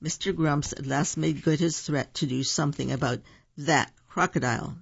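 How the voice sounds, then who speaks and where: A gravelly, unhurried voice reading a picture book aloud, stopping now and then for asides about the pictures. The recording sounds dull and lo-fi. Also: mid-range voice, fairly even intonation. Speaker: storybook reader.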